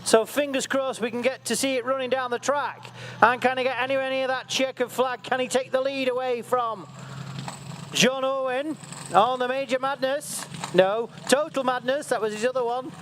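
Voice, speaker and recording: A man giving excitable, jokey live commentary at an outdoor event. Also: extremely high pitch, normal speed. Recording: faint outdoor background noise.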